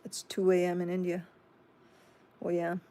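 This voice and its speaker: A woman's voice: fairly low pitch, monotone, normal speed, warm tone. A woman with a Chicago accent hosting a tarot live stream, reading viewer comments aloud and chatting back casually.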